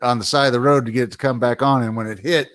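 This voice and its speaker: A man's voice: mid-range voice, steady tone, quick pace, a bit bright. A man telling a short story in casual chat, in a plain, matter-of-fact way.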